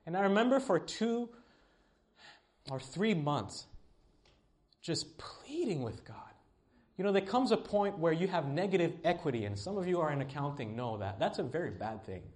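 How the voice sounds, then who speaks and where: A middle-aged man preaching a sermon in an earnest voice, rising to pleading and dropping to quiet tones. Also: big pitch swings, moderate pace. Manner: earnest, swings from pleading highs to quiet lows. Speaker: pastor.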